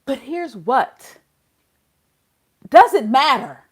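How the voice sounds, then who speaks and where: A woman's voice: high voice, sing-song, extremely slow, husky. A woman hosting a casual legal commentary channel, exasperated and full of rhetorical questions.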